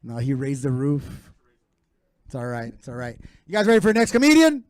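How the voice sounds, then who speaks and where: A man's voice: medium pitch, huge pitch swings, brisk, darkish tone, no echo, clean studio sound. A man hosting a comedy club show, bantering loosely with the crowd and introducing the next comic. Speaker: show host.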